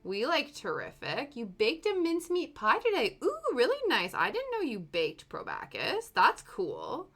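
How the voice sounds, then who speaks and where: A woman's voice: high voice, wildly swooping pitch, unhurried, few pauses. A young woman from Canada chatting casually on a livestream while doing her nails, rambling with lots of ums and laughs. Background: soft background music.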